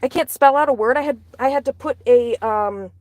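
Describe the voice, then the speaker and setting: A woman's voice: sits high, brisk, a little mellow, dry recording. Angry profane woman ranting. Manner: profane, blunt, heated. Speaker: commentator.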